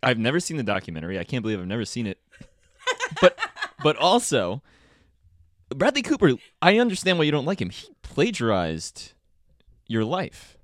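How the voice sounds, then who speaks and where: A man guesting on a podcast, talking in a hesitant, soft-spoken way with halting starts. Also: medium pitch, big pitch swings, no room sound. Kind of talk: casual chat.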